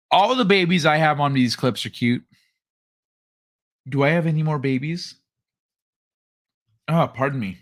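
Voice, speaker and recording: With a mid-range, fairly bright voice, a middle-aged man runs a casual late-night livestream. He chats loosely with his audience, trading jokes with chat and swearing without restraint.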